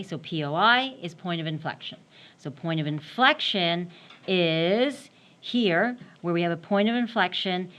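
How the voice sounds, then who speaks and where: A woman's voice: on the low side, a bit bright. A woman math teacher giving a classroom lecture, explaining step by step while she draws and often checking in with "right?".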